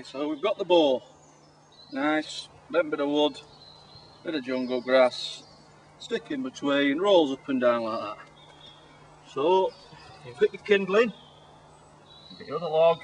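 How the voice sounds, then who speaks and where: Man acting a jungle survival expert, fairly high pitch, mock-instructive, swears when flustered. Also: a little hiss or hum, full character voice, rough recording. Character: blustering hapless male jungle survival expert. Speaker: survival specialist in a comedy sketch. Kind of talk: mock survival-show presentation.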